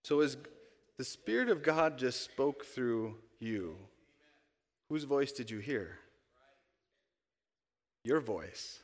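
A man's voice: mid-range voice, big pitch swings, slow, pauses often. Man preaching in an echoing church. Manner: conversational preaching with rhetorical questions. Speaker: pastor. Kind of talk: sermon. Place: church sanctuary. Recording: long church-hall reverb.

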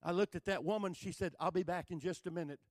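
An older man from Texas with a Texan accent, telling a folksy, joking sermon story that builds to shouting. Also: sits high, fast, no echo. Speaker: preacher.

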